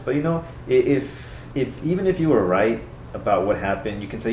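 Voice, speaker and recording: A low-voiced man rattles off his thoughts at a brisk clip and acts out bits of dialogue. The room rings with echo, and a light hiss runs under his voice. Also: animated, darkish tone. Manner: fast, earnest, storytelling with acted-out dialogue. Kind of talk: casual Christian discussion. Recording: echoey room with faint hiss.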